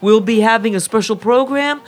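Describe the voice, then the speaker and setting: Gushing woman radio DJ. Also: on the high side. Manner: enthusiastic, gushing, drawn-out emphasis. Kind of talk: radio music show presenting.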